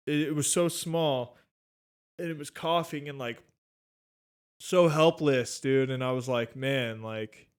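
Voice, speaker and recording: A man's voice: mid-range voice, slow, pauses often, clear, resonant tone. A young man hosting a casual podcast chat, laid-back and rambling, swearing often. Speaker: podcast host.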